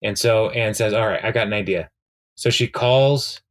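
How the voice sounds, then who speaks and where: A man's voice: on the low side, moderate pace. A man co-hosting a podcast, recapping a TV episode in casual chat, rambling with many fillers and quoting the characters' lines as he retells scenes. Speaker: podcast co-host.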